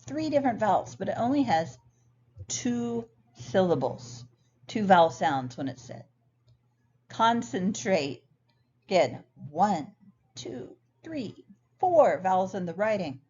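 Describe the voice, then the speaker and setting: A woman teaching an English pronunciation lesson, speaking slowly and clearly and sounding out example words. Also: lowish voice, darkish tone, highs cut off. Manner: slow, clear teaching delivery with careful word examples. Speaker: ESL teacher. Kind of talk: recorded lesson.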